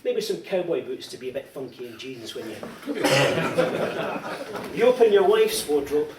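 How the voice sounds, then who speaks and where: In a large, echoey dining hall, a middle-aged Scottish man gives an after-dinner comic speech built on anecdotes and teasing, told with lively storytelling. His voice is a little high and his pace a little slow. A distant mic picks him up along with background noise.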